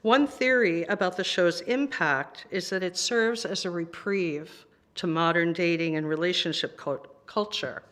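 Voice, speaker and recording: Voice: medium pitch, a bit bright. Conversational minister preaching a sermon.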